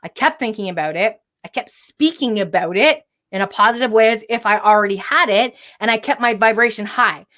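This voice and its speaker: A woman's voice: on the high side, brisk, few pauses. Emphatic woman podcast co-host. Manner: energetic, emphatic, many "right?" tags. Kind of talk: casual motivational chat.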